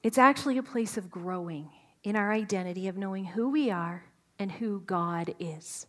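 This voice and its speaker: A woman preaching a sermon, animated and asking her listeners questions, sometimes dropping to a whisper for emphasis. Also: mid-range voice, moderate pace. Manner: animated, asks the audience questions.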